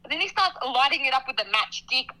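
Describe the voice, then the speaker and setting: A young woman telling a story in casual chat, dramatic and animated, acting out what people said. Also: high voice, quick pace, low-quality recording. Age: young adult. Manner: animated, dramatic storytelling with laughter and acted-out quotes.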